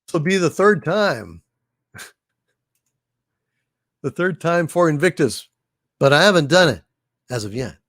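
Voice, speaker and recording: A man's voice: fairly high pitch, unhurried, long pauses, no room sound, studio quality. A man hosting a casual livestream, reading out viewer messages and chatting about them. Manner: reads viewer messages aloud, chatty and lively. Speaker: livestream host.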